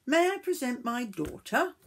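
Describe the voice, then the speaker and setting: A woman's voice: high-pitched, animated, a little slow, slight background noise, voice pushed up. An older woman voicing a kindly, gracious king in a read-aloud storybook.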